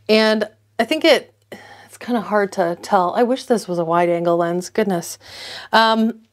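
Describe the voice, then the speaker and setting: A young adult woman hosting a houseplant vlog at home, chatty and bubbly, with lots of fillers. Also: medium pitch. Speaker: houseplant channel host. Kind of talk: casual vlog chat. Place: home with plant shelves.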